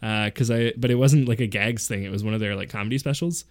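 A young man hosting a podcast, telling a story in a casual, animated way and often breaking into laughter. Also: fairly low pitch, fast. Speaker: podcast host.

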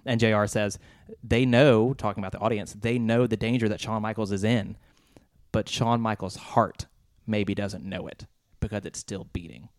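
A man chatting as a podcast co-host in a somewhat low voice. He is enthusiastic and often stammers and restarts mid-thought. The sound is dry and close to the mic. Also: steady tone, normal speed, dry recording. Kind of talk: casual chat.

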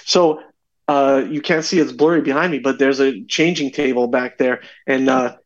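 A man talks at an ordinary pitch, telling stories with animated, acted-out voices. His audio comes through a little dull and lo-fi, as over a video call. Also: moderate pace. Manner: animated storyteller, acts out voices. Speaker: podcast guest. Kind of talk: casual chat.

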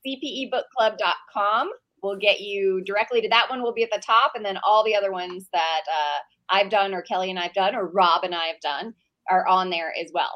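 A woman's voice: medium pitch, brisk, a bit bright. Chatty female podcast co-host. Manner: chatty, rambling side notes. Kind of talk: casual podcast chat.

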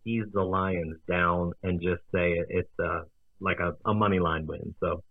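A man co-hosting a casual sports betting podcast, talking in a relaxed, hesitant way. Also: deep voice, a little slow, no room sound. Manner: relaxed, hesitant, with fillers and restarts. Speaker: podcast co-host. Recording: tinny phone-like line.

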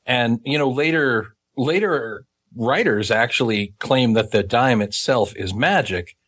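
A man's voice: medium pitch, measured pace, fairly bright tone. A man co-hosting a podcast, talking about comics in a thoughtful, hesitant, casual way. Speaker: podcast co-host.

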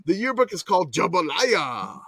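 A man hosting a casual podcast chat, excitable, swearing and laughing as he talks. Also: high voice, moderate pace, husky, no echo. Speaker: podcast host.

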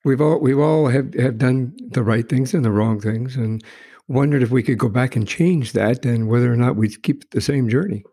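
A man's voice: mid-range voice, normal speed, mellow, slightly rough. A middle-aged man from Colorado with a Colorado accent, asking questions in a casual, easygoing conversation. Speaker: interviewer.

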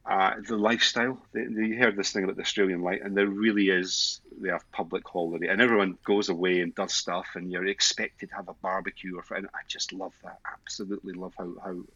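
Scottish guy, very low and husky, eager talker who trips over restarts, dull lo-fi recording. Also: little pitch movement, fast, hardly any pauses, sharp tone, no room sound. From Scotland. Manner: enthusiastic, many restarts and repeated words. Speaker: podcast guest. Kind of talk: casual interview chat.

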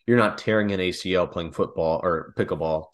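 A man's voice: sits low, brisk. A man co-hosting a casual comedic chat, rambling into long joking hypotheticals. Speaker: podcast co-host.

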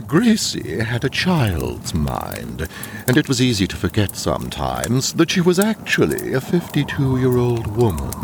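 Indignant old butler, low voice, very lively pitch, radio drama. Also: male voice, gravelly, noisy background, exaggerated voice. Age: older. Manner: prim, indignant, flustered. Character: old loyal butler, defensive and touchy.

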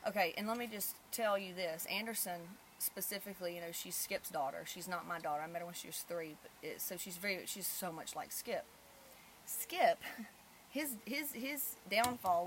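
A woman, a mother hosting a casual podcast chat and telling stories with lively swings in loudness. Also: on the low side, moderate pace, slight background noise. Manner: animated storyteller, swings loud when telling stories.

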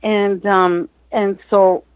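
Animated woman telling her story. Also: medium pitch, extremely slow, no room sound, rough recording. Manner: lively, acts out quotes, frequent restarts. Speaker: guest, author and mindset coach.

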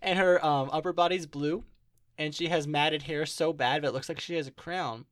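A man's voice: a little high, fairly even intonation, normal speed, fairly bright tone, no echo, studio quality. A man co-hosting a podcast, telling a story in a playful, chatty way. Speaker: podcast co-host. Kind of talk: casual chat.

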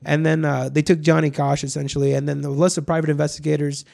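Guy hosting a podcast, kinda high voice, rambly and sweary, lots of restarts. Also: flat delivery, quick pace, vocal fry, darkish tone. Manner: rambling, profane, storytelling with many restarts. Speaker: podcast host. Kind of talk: casual chat.

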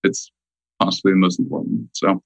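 A man speaking as a nutrition guest in a casual interview, emphatic and slowing down to stress key points. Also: deep voice, fairly even intonation, creaky, no echo, lo-fi sound.

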